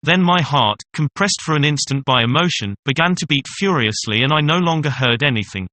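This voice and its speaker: A man reading a classic horror story aloud in a measured, suspenseful way. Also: a little high, expressive, bright, forceful tone, dry recording. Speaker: audiobook narrator. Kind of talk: scripted narration of a horror story.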